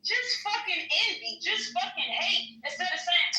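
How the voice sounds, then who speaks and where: High, bright woman ranting in a roomy echo. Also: sing-song, moderate pace, few pauses, recorded from a distance. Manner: profane, preachy, mocking men in a put-on low voice. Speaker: panelist on a live stream. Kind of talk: heated live-stream rant. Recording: echoey room, away from the mic.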